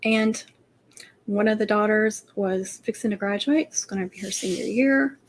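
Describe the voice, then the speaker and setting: Woman, mid-pitch, soft rambling chatter, faint noise behind; craft livestream host. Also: normal speed. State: emotional, near tears. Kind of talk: casual livestream chat.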